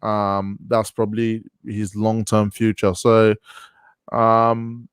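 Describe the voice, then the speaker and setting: A man on a video call giving casual football analysis in a measured way, with many ums. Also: fairly low pitch, monotone, smooth, no echo, clean studio sound. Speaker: panelist.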